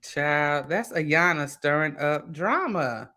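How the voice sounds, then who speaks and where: Animated woman telling stories. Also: low voice, takes it slowly. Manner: animated storytelling with voiced quotes. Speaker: author. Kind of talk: casual panel chat.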